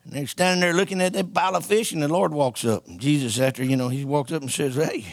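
A man preaching with a somewhat high voice, joking and telling a story with lively call-and-response to his congregation. The sound is dry and close, with little room around it. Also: fast talker, gravelly, no echo. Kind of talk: sermon.

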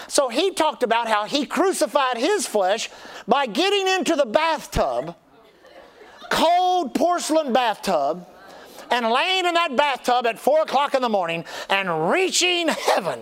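A man's voice: extremely high pitch, big pitch swings, unhurried, fairly bright tone. An older man, a pastor telling a folksy, humorous story in a sermon, with lots of restarts. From Texas.

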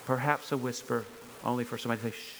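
A man's voice: medium pitch, steady tone, racing, noisy background. A man preaching a sermon to a congregation in church, earnest and emphatic, driving his points home with repeated rhetorical questions. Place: church service before a congregation.

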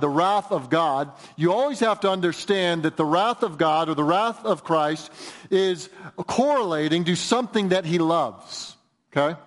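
A male pastor preaching an earnest, emphatic sermon in a church, moving between raised and hushed delivery. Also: high voice. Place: church sanctuary. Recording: reverberant church hall.

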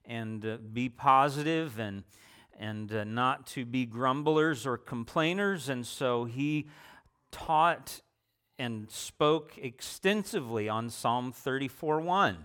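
Slow, deliberate male preacher. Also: mid-range voice, fairly bright tone, clean tone. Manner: slow, deliberate delivery with repetition for emphasis; conversational, with fillers and rhetorical questions. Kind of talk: sermon.

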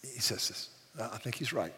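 A man's voice: medium pitch, fairly quick, bright, forceful tone. An older man preaching a sermon, earnest, often repeating words as he builds emphasis. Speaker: pastor. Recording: long hall reverb.

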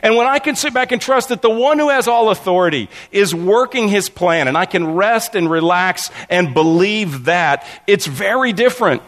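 A male pastor preaching in a lively, wide-ranging voice that sits a little high for a man. He tells stories animatedly, often stammering and restarting, and acts out the people in them. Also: moderate pace, few pauses. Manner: animated storytelling, acts out voices in his anecdotes. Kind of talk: sermon.

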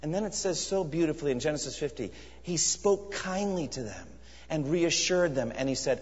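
Earnest preacher in an echoing hall. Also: male voice, a little high, lively intonation, normal speed. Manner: earnest, conversational preaching with frequent restarts. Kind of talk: sermon. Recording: dull sound with long hall reverb.

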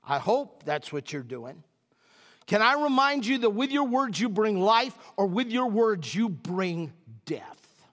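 A man's voice: high-pitched, sing-song, unhurried, a bit bright, big-room sound. A man preaching a sermon, telling a personal story with emphatic repetition to a congregation. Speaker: pastor.

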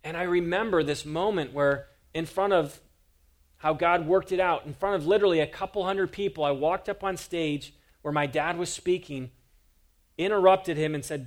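A man's voice: fairly high pitch, moderate pace. A man preaching a sermon as a pastor, earnest and emphatic, driving his points home with repeated rhetorical questions.

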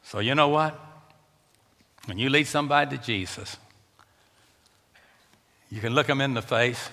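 A man preaches as pastor in a church sanctuary, emphatic and repeating words for stress. His medium-pitched voice is unhurried, pushed and bright. The recording carries the long reverb of a large church.

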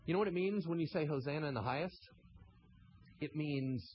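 A man's voice: fairly high pitch, fairly quick, long pauses, muffled recording, slight background noise. A man preaching a sermon, asking the congregation rhetorical questions and reading scripture aloud. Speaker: pastor.

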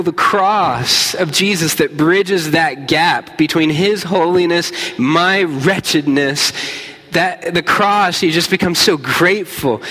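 A man's voice: on the high side, pushed and bright. A man preaching a sermon as pastor, earnest and conversational. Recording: hall reverb.

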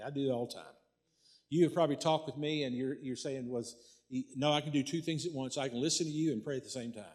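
A man's voice: mid-range voice, fast talker, darkish tone. A male pastor preaching a sermon in a folksy, conversational way, repeating phrases for emphasis.

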